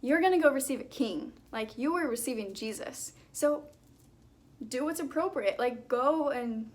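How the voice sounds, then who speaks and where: A woman's voice: sits high, lively intonation, moderate pace. A young woman vlogger talking earnestly about her faith in a chatty, casual way, with lots of fillers. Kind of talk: casual talk to camera.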